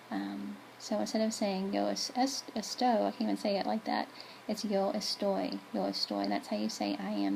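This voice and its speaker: A woman's voice: mid-range voice, gravelly, warm tone, slight background noise, rough recording. A woman teaching Spanish verbs in a chatty style, correcting herself as she writes on a board. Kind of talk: classroom video lesson.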